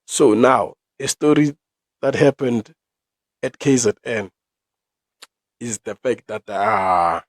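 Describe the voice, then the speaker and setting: A young South African man holds forth on his own podcast, ranting and swearing through his opinions and breaking into loud outbursts. His voice sits mid-range for a man, and the recording is close and dry, with no room sound. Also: mid-range voice, expressive, slow pace, long pauses, dry recording. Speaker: podcast host.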